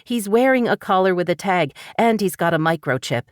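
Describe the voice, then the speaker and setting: A woman voicing a determined woman who speaks tensely and forcefully while protecting her dog and a boy, in an audiobook. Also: on the low side, lively intonation, a little fast, no room sound, studio quality, voice pushed up, lightly acted.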